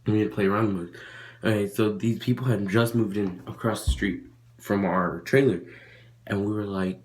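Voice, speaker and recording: A man's voice: fairly low pitch, fairly even intonation, normal speed. A young man vlogging a casual story, rambling with lots of fillers and restarts.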